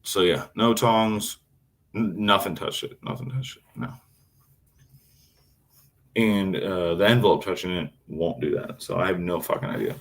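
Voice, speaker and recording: A man's voice: low voice, a little slow, vocal fry, pauses often. A man chatting casually on a live stream, swearing constantly as he rambles about his knives and answers chat. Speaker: knifemaker streamer.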